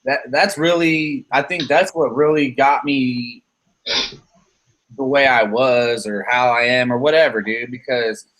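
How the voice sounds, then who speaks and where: A man's voice: mid-range voice, unhurried, a bit bright. A man in his thirties hosting a casual podcast chat, rambling, profane and heated as he vents about his kids. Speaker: channel host.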